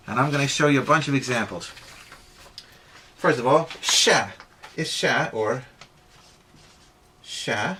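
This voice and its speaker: A man teaching pronunciation, repeating sounds slowly and emphatically for students to drill. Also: mid-range voice, a bit bright, slight background noise. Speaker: Irish language tutor. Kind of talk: pronunciation lesson.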